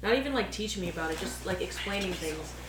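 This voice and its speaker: A woman's voice: lowish voice, lively intonation, fast, noisy background. A young woman chatting casually, blunt and joking. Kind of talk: casual chat. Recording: roomy room echo.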